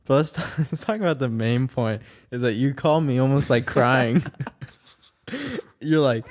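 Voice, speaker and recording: A man's voice: mid-range voice, unhurried, background noise. A young man co-hosting a casual podcast, teasing his friend and laughing often. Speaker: podcast co-host. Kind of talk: casual chat.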